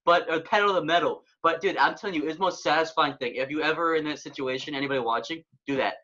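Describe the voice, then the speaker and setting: Fast, bright-voiced young man chatting. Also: fairly high pitch. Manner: excitable, fast storytelling with lots of "dude". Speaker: podcast host. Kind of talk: casual chat. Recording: dull lo-fi sound.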